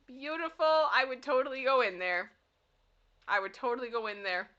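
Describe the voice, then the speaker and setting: Her voice is a little high and pushed bright, with lively intonation and a moderate pace, captured in lo-fi sound. She's hosting a relaxed livestream, giggling and laughing playfully as she reads funny signs aloud and talks back to chat.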